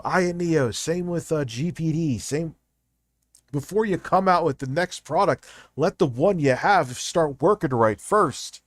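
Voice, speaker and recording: A man's voice: fairly high pitch, no echo, clean studio sound. Profane ranting man on a stream. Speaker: streamer reacting to videos. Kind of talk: casual live-stream commentary.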